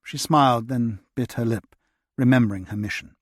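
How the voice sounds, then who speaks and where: Husky male narrator at a middle pitch, measured storytelling, dry booth sound. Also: no room sound. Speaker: audiobook narrator. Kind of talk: scripted audiobook narration.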